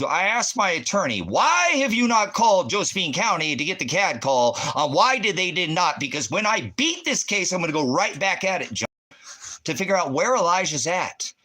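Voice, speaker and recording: A man's voice: medium pitch, a bit bright, breathy edge. A middle-aged man ranting on a livestream, confronting chat viewers by name in a preachy, combative way. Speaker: livestreaming ministry host.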